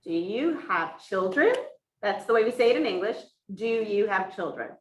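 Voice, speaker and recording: A woman interprets for a teacher in a hybrid in-person and online classroom, voicing the sign language lesson in the first person and explaining it point by point. Her medium-pitched voice is expressive and at normal speed. The lo-fi audio has a little hiss or hum, recorded at a distance in an echoey room.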